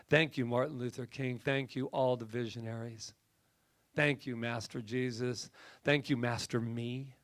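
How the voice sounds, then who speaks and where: Impassioned gravelly male minister. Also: medium pitch, steady tone, measured pace. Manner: impassioned, rising to emphatic peaks then dropping to soft near-whispers. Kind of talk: sermon.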